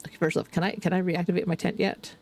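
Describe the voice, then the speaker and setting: A woman's voice: lowish voice, steady tone, fast, a little mellow. A Canadian woman streaming a game, chatting candidly and swearing freely, with rambling restarts. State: under the weather. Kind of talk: casual gaming stream chat.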